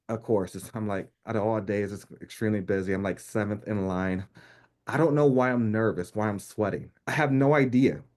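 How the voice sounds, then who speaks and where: A man in his thirties from New York, telling a personal story in casual conversation, laughing often and acting out the voices of people he quotes. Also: on the low side. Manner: animated, laughs often, acts out quoted speech. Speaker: podcast guest.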